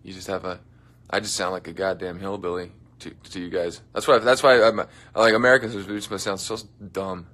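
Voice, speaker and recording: A man's voice: deep voice, steady tone, fairly quick. A young man hosting a casual livestream from his dressing room, joking and chatting with viewers in a playful way. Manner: playful, joking, drifts into soft mumbles. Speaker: livestream host. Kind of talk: casual livestream chat reading comments.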